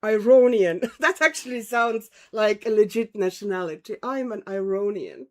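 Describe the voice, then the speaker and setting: A woman's voice: mid-range voice, moderate pace, fairly bright tone. A woman from Estonia with a vague European accent and a slight Irish twang, hosting a casual livestream and chatting with viewers. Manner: chatty, greets viewers, frequent laughs. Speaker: livestream host. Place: home.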